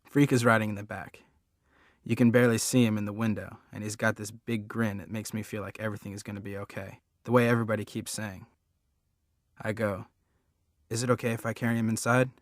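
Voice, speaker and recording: Reading a storybook aloud in the first person, this male audiobook narrator sounds earnest and plain-spoken, his tone level and his pace a little fast. His voice is on the low side, captured dry and close with no echo or room around it.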